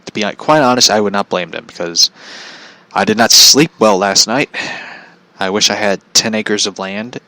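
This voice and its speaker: A man's voice: fairly low pitch, normal speed, pushed and bright, no room sound, poor audio. A man ranting bluntly in a casual commentary vlog, swearing freely and often laughing at his own points. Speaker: vlogger.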